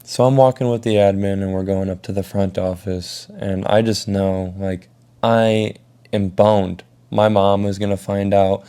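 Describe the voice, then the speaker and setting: A young man telling a school story in a casual, profane, animated way. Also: fairly low pitch, measured pace, clear, resonant tone. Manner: casual, swears a lot, animated retelling. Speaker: vlogger.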